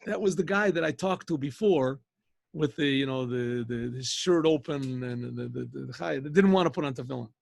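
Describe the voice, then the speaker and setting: Gravelly older rabbi telling a story. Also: male voice, medium pitch, moderate pace, no echo. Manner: rambling, animated retelling. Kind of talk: storytelling over a video call. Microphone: video call.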